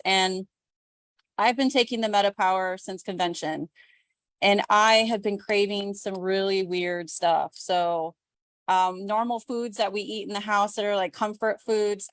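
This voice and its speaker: A woman's voice: mid-range voice, normal speed, no room sound. A woman, a business owner and homeschooling mom, giving a chatty, self-deprecating testimonial on a video call. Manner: chatty, self-deprecating, animated quoted voices. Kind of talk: casual testimonial on a group call.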